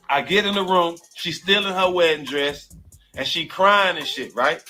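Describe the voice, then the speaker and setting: A man's voice: sits high, a little slow, sharp tone, faint music behind. A man telling an emotional personal story in casual talk, profane and repetitive, often calling listeners bro and dog.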